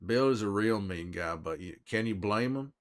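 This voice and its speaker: A man's voice: lowish voice, expressive, moderate pace, close to an everyday voice. A man doing Joel, drawling weary survivor. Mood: easygoing. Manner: drawling, folksy, chats with viewers by name. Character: weary middle-aged male survivor, gruff but friendly. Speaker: streamer in character. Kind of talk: in-character livestream chat.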